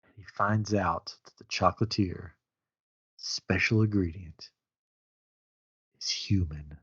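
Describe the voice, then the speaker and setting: Guy hosting a comedy show, bright voice, improvising a silly story, kinda muffled audio. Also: deep voice, slow, slightly rough. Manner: animated, laughing, puts on voices. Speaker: host.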